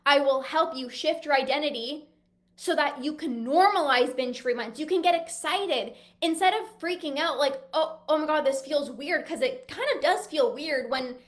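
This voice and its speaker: A woman's voice: sits high, moderate pace. A woman coach talking straight to her viewers, enthusiastic and emphatic, now and then acting out her clients' worried thoughts. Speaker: binge eating coach. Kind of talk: direct-to-camera pitch.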